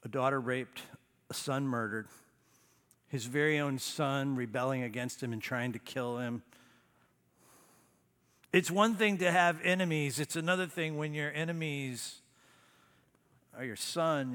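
Guy preaching a sermon, punchy emphasis then goes quiet and low, long church reverb. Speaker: pastor.

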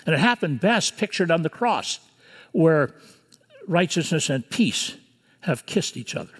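A man in his sixties preaching a sermon as pastor, earnest and measured, with pauses between phrases. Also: a little high, very animated, breathy edge, big-room sound. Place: church sanctuary.

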